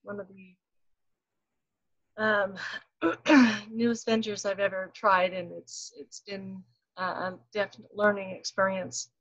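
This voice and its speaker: Woman in her 40s, very slow and hesitant, muffled lo-fi audio. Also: mid-range voice, steady tone, a bit bright. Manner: hesitant, many restarts. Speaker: course participant. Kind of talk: casual chat.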